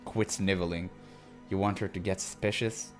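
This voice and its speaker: A man's voice: sits low, steady tone, moderate pace, music in the background, natural voice. A man doing a cold, menacing swordsman. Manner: curt, threatening.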